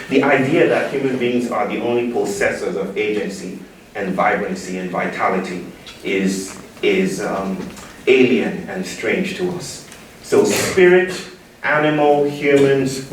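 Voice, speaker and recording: A man's voice: fairly low pitch, slight background noise. A man from Nigeria giving a keynote talk, playful and engaging the audience in call-and-response. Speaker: keynote speaker. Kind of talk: public talk. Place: large room with an audience. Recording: echoey hall, distant mic.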